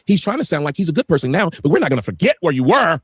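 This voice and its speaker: A man with a rather high voice talks very fast on a livestream and swings his pitch up and down. He rants emphatically and swears a lot, and his voice sounds dry and close. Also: very animated, husky, dry recording. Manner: emphatic, profane ranting. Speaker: guest on a livestream. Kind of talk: heated livestream talk.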